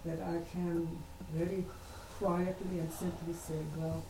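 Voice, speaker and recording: Earnest woman congregant, very low voice, roomy echo and clear background noise. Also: little pitch movement, a little slow. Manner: earnest, emphatic. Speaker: congregation member. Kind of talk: sermon comment.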